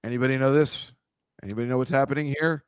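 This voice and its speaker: A man's voice: mid-range voice, steady tone, fast talker, smooth, no room sound, studio quality. A man hosting a casual comedy chat, teasing his guest with a guessing game of photo clues. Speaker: podcast host.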